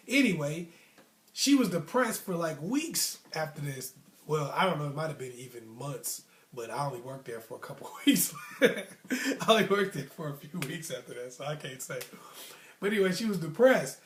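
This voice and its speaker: A man with a fairly high voice tells a personal story in a loose, slangy way, drifting into asides as he goes. The recording has a noticeable roomy echo around him. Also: normal speed. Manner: relaxed, slangy, rambling asides. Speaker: storyteller host. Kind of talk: casual storytelling.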